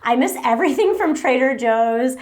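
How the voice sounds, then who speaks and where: A woman's voice: high-pitched, expressive, normal speed, a little mellow. A young woman from New Jersey answering viewer questions in a casual, rambling vlog chat, often laughing at herself. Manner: chatty, rambling, self-deprecating. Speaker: vlogger. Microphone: battery-powered microphone.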